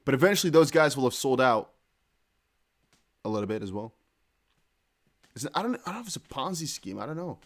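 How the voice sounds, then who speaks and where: Rapid-fire excitable male stream host. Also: mid-range voice. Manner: excitable, thinks aloud, reads viewer chat and tweets aloud. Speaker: crypto news livestream host. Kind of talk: casual live-stream commentary.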